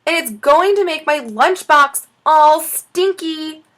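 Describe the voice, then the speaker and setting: A woman's voice: sits high, slow pace, fairly bright tone, voice pushed up. A woman voicing a fussy, prissy young schoolgirl who complains and squeals in a storybook reading. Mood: whiny.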